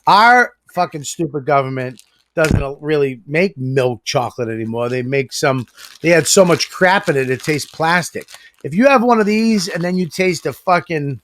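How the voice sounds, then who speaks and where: A man's voice: on the high side, animated, moderate pace, a bit bright, a little hiss or hum. A man co-hosting a podcast, telling stories in a boisterous, profane way. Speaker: podcast co-host. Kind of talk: casual chat.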